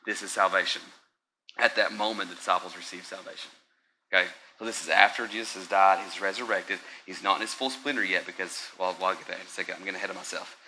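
A man preaching a conversational sermon, often checking in with the congregation and swinging between soft, slow passages and loud, excited ones. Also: sits low, a little hiss or hum, poor audio. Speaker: pastor.

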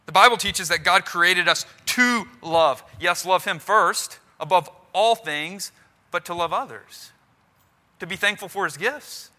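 A man's voice: sits high, pushed and bright. A man preaching a sermon to his church in an earnest, conversational way, often restarting his phrases. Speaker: pastor.

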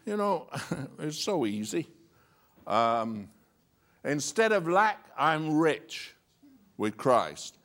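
A man's voice: a little high, very animated, very slow, pauses often, a bit bright. A male pastor preaching a sermon, reading scripture and joking with a chuckle between verses.

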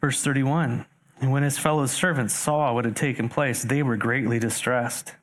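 A man preaching a sermon, reading scripture verses aloud and explaining them, addressing the congregation directly with animated rises for emphasis and rhetorical questions. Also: medium pitch, normal speed. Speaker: pastor.

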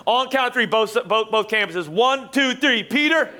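A man preaching a live sermon as pastor in a church, jokey and energetic, teasing his congregation. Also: high voice, normal speed, a little hiss or hum. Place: church auditorium.

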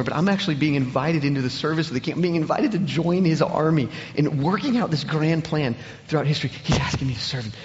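A man preaching a sermon in an animated way, often repeating words as he builds up. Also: a little high, in a large hall, highs cut off. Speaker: pastor.

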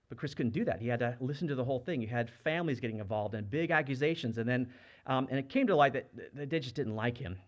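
A pastor in his thirties or younger preaches a sermon in an earnest, conversational way, often putting questions to the congregation. His voice is mid-range and fast.

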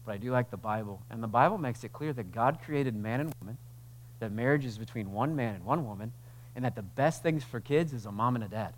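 Male pastor, mid-pitched voice, talky sermon delivery that climbs into loud, slowed passages. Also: animated, slight background noise. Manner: conversational preaching that swells into loud, slow emphatic passages. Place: church sanctuary.

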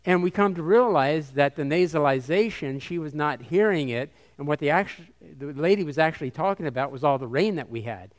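A man, a missionary, gives a conference talk to a live audience, quizzing them and sounding out syllables like a teacher. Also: medium pitch. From United States. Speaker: missionary speaker.

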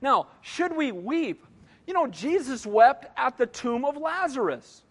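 A man's voice: very high-pitched, expressive, measured pace. A man in his sixties preaching a sermon emphatically, often asking the congregation "Amen?". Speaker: pastor. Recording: long reverb of a large hall.

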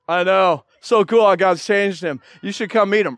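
An animated man delivers a sermon in a voice pitched a bit higher than most men's. The sound is dry and close, with little room echo. He slips into other people's voices as he tells stories. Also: fast talker, hardly any pauses. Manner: lively and animated, acting out voices in anecdotes. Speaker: pastor.

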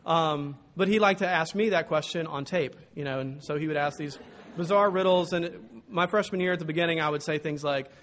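A male pastor delivers a sermon in a fairly high voice. He is animated and tells stories, acting out the people in them. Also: fairly quick, a little hiss or hum. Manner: storytelling, animated, acts out quotes.

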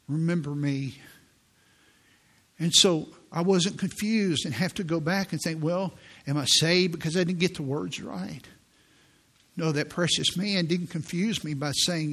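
A man in his sixties, a pastor preaching a sermon in a church, telling stories in an earnest way and slowing down for quoted prayers. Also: on the high side, fairly bright tone. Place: church sanctuary.

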